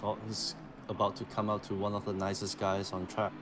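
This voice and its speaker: A man chiming in on a live sim race broadcast with short, quick reactions to the action. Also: on the low side, little pitch movement. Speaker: sim racing co-commentator. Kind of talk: live esports race commentary. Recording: noisy stream audio.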